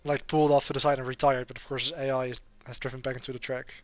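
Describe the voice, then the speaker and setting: A man's voice: mid-range voice, flat delivery, quick pace, no echo. A young man with a Dutch accent hosting a sim racing stream, rambling in casual voice chat with lots of fillers. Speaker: sim racing channel host. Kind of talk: casual voice chat during an online race.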